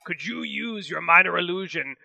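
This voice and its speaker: Gravelly bright-voiced male player. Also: high-pitched, lively intonation, normal speed, no room sound, dull audio. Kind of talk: casual tabletop play.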